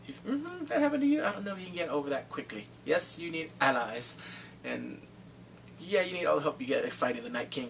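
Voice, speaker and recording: Excitable man reviewing a TV episode. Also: fairly high pitch, gravelly, distant mic, slight background noise. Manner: excitable, swings from mumbles to shouts. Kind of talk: casual spoken review.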